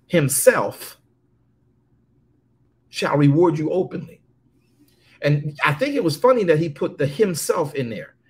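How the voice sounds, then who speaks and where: A husky-voiced man preaches, his pitch sitting a little high and swinging widely as he builds. He reads scripture at a deliberate pace and pulls his congregation into call-and-response. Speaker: pastor. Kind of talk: sermon.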